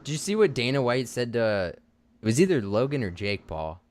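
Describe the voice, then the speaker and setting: A man's voice: mid-range voice, very animated, moderate pace, a little mellow, a little hiss or hum. A man co-hosting a casual podcast, laughing often, repeating words and swearing casually. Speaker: podcast co-host. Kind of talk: casual chat.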